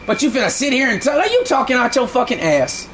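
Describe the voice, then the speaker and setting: Guy with a real high voice going off on his chat live, cussing, saying stuff over and over. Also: wildly swooping pitch, fast talker, a bit bright, a little hiss or hum. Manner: heated, repetitive, profane arguing. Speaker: live game streamer. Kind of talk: ranting at live chat during a stream.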